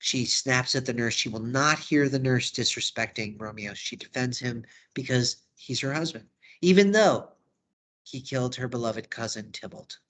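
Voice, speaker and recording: A man's voice: mid-range voice, moderate pace, a bit bright. A man teaching drama, walking through a study guide in a casual, conversational way. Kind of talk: lesson recap video.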